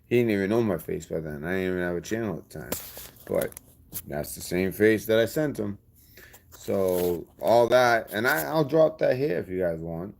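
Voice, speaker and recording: A man's voice: lowish voice, expressive, moderate pace, vocal fry, a little hiss or hum. A man, talking straight to his subscribers in a rambling, blunt and defiant way. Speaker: channel host. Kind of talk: casual vlog talk to subscribers.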